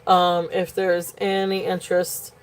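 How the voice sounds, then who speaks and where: A woman's voice: on the low side, monotone, measured pace, clean tone. Gushing woman hosting a live jewelry auction. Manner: gushing, filler-heavy, many ums. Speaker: jewelry sale host. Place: home.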